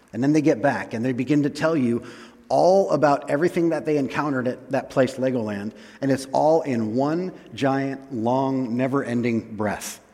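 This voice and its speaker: A man preaching a sermon. He reads scripture slowly, then explains it in a relaxed, chatty way with small laughs. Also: mid-range voice, in a large hall.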